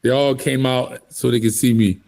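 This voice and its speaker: An older man with a gravelly, creaky voice tells stories at an easy conversational pace. He acts out the remarks he quotes from other people. His pitch sits in an ordinary middle range. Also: steady tone, normal speed, darkish tone. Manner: anecdotal, acts out quoted exchanges. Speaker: guest, former bodybuilder. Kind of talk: casual storytelling interview.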